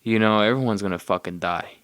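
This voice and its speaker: Low-voiced male podcast host with a smooth tone, dry close sound, and casual profane rambling. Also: brisk, a bit bright, dry recording. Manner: loose, profane, loses his train of thought.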